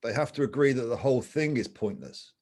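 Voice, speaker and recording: A man's voice: mid-range voice, lively intonation, a little fast, a little mellow. A man co-hosting a casual chat, thinking aloud and arguing his point with casual swearing. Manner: musing, argumentative, swears casually. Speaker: podcast co-host.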